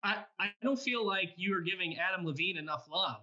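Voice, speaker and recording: A man's voice: high voice, fairly quick, bright, forceful tone, lo-fi sound. A man on a sports panel, making dry jokes in casual chat.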